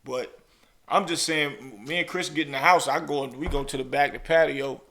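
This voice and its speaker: A man's voice: fairly high pitch, moderate pace. A male podcast host telling casual stories and acting out voices in his anecdotes. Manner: animated, acts out voices in anecdotes. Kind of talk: casual storytelling chat.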